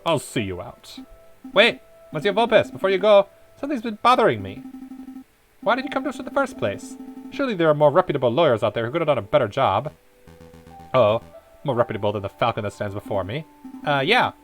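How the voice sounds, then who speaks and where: A man voicing a brash young male bird assistant in a game, pitched high and excitable. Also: fairly quick, long pauses, faint music behind. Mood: excited.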